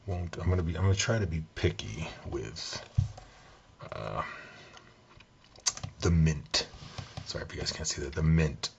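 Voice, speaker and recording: Male collector, rumbling gravelly low voice, laid-back rambling chat, noisy home recording. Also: measured pace, pauses often, muffled recording. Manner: meandering, relaxed, thinking aloud. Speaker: game collector. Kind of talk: soft-spoken collection chat.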